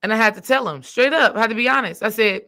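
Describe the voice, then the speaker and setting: A woman with a bright, forceful voice tells a personal story in a relaxed monologue. She talks straight to her listeners with emphasis and acts out the dialogue as she goes. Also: on the high side, fast. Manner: animated, acts out quoted dialogue; emphatic, addresses listeners directly. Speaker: spiritual coach.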